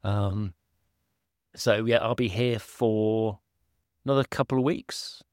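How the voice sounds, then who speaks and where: A man's voice: lowish voice, fairly even intonation, slow pace, darkish tone, no room sound, studio quality. A man hosting a podcast from a laptop while on holiday, chatting casually in a rambling, self-deprecating way full of fillers. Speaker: podcast host. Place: holiday home indoors, at a laptop.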